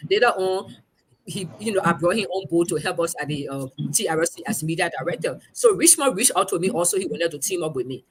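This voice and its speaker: A woman's voice: on the low side, quick pace, a little hiss or hum. A woman journalist with a Liberian English accent, telling a story in conversation and acting out the quoted voices. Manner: animated, acts out quoted speech. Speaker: journalist guest.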